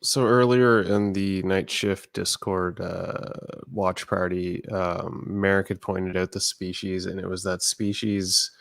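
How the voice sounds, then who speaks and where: A man's voice: low voice, level tone, slow, creaky, hardly any pauses, fairly bright tone, no echo, studio quality. A man on a podcast panel, chiming in with jokey, laid-back remarks in casual chat. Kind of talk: casual episode review chat.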